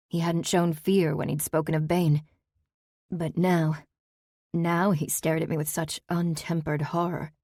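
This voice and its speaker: A woman narrating a first-person fantasy audiobook with a low, mellow voice. Her reading is steady and measured, with a quiet tension. The recording is dry and close. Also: no room sound.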